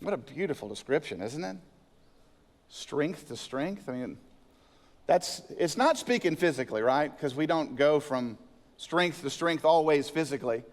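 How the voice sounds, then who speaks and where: A male senior pastor delivers a sermon in a slightly high voice. He moves between scripture and storytelling and presses hard on key words. The sound carries a long church-hall reverb. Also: normal speed. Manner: storytelling preacher with a joke, animated emphasis.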